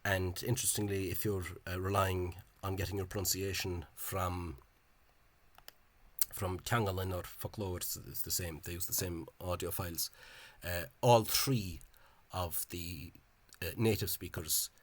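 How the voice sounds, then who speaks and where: A man giving an informal spoken lecture over on-screen examples. He talks in a halting, hesitant way and is openly scornful of the official spelling. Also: deep voice, steady tone. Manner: hesitant and halting, with frequent pauses and restarts. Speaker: language enthusiast presenting a video lecture.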